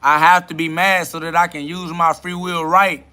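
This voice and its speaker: A man's voice: fairly high pitch, level tone, moderate pace, pushed and bright, smooth. A man hosting a livestream, answering chat comments in a combative, dismissive way and swearing a lot. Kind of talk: profane spiritual livestream rant.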